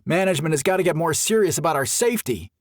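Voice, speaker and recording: A hotheaded golf buddy, put on by a male narrator, loud and high with indignation. He bursts out in excited rants, recorded dry and close. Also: quick pace, no echo, natural voice. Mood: agitated. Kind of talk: audiobook character voice.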